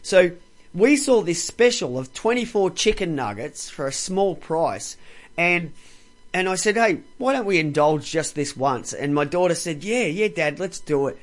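High-voiced Australian man hosting radio. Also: expressive, unhurried. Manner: rambling, swearing, with many fillers and restarts. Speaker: radio talk show host. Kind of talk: casual radio talk.

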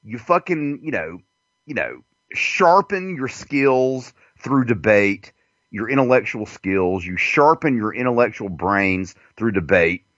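A man's voice: lowish voice, slow pace, dry recording. A male host chatting loosely and crudely, his voice swinging widely up and down as he rambles through fillers. The recording is dull and lo-fi, and it sounds very dry and close, with no room around it. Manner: animated, profane, rambling with fillers. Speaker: show host. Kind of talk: crude casual radio chat.

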